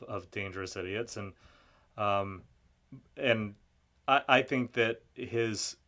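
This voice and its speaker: A man speaking as a guest in a political discussion, halting and often restarting his sentences. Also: on the low side, fairly bright tone. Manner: halting, frequent restarts and stammered repeats.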